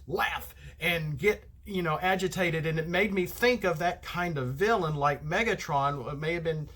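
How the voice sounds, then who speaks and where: Rambling middle-aged Southern man, bright voice. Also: a little high. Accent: American Southern. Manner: rambling, loses his thread, many fillers. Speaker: card game vlogger. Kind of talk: casual solo vlog monologue.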